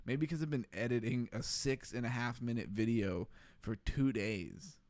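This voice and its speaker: A man hosting a casual livestream who keeps laughing and reads viewer chat out loud. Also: mid-range voice, normal speed, no room sound. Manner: laughing often, reading chat aloud. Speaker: livestream host.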